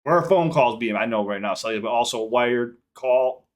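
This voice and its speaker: A man's voice: mid-range voice, moderate pace. A man hosting a music reaction video, talking casually, swearing freely and stopping often to break down lyrics. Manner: excitable, swears casually, stops to unpack lyrics. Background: hip hop track playing faintly.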